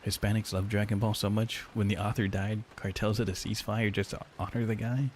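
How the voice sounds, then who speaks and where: This young streamer has a lowish voice, a flat delivery and a brisk pace, with slight background noise behind him. His chat with viewers is casual and profane, heavy on "like" and "dude."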